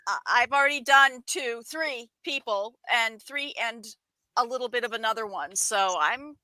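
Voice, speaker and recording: Bright high-voiced woman, hesitant. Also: normal speed, no room sound, poor audio. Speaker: livestream guest. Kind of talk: casual chat.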